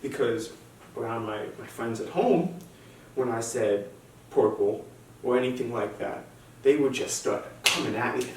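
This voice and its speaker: A man's voice: mid-range voice, lively intonation, normal speed. Self-deprecating young male comic, echoey room. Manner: self-deprecating, hesitant with restarts. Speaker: stand-up comic. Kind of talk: stand-up comedy set. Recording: very echoey room, distant mic, faint hum.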